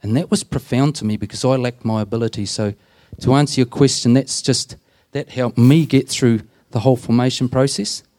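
With a darkish tone, medium pitch, and fairly even intonation, this man talks fairly quickly with few pauses. He's a deacon and prison minister telling stories in an interview, earnest and plain, acting out quoted speech.

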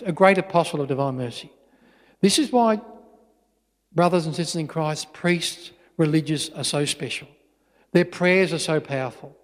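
Australian man, middle-aged, animated church storyteller, high voice, long reverb. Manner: animated storyteller with many restarts. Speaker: lay speaker giving witness in church. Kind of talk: storytelling sermon.

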